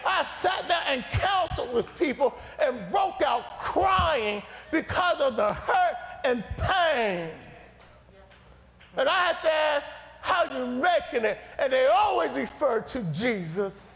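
A male preacher in a church sanctuary, his voice set unusually high and delivered at a slow, drawn-out pace. He shouts his lines with a gravelly grit in his throat, and the sound rings through a long, reverberant hall over a faint congregation. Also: sing-song. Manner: shouted, impassioned preaching with repeated phrases. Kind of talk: fiery sermon.

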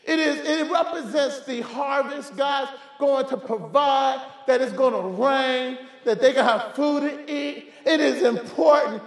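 High-voiced shouting preacher man. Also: measured pace, few pauses. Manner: fervent, shouting, stammered repeats. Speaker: pastor. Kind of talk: sermon. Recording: echoey church hall.

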